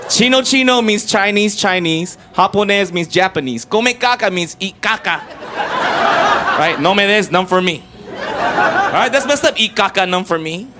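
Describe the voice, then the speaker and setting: A man's voice: sits high, animated, moderate pace. A man doing a stand-up comedy set on a club stage, talking animatedly to the audience and mocking accents. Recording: loud crowd and room noise. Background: crowd laughter and noise.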